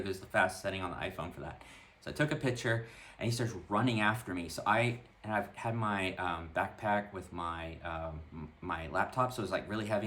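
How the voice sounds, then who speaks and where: In a casual vlog, a low-voiced man recounts a personal story to his viewers. His retelling is animated and conversational, full of "like," and he often restarts his sentences.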